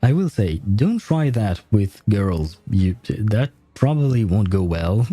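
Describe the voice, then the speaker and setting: A man's voice: lowish voice, very animated, slow pace, dark tone, husky, dry recording. A man giving chatty, amused let's-play commentary as a streamer, with faint game music behind. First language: French. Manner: chatty, amused, nitpicky asides.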